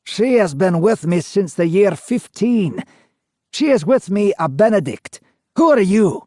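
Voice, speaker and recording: Old Scottish ghost of a man, bitter and grieving, slow anguished wail, put on by a male narrator in a ghost story reading. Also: high-pitched, sing-song, no echo, clean studio sound, pitched above the performer's own voice. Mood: annoyed. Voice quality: strained, moaning wail. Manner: swings between weary murmurs and anguished shouts.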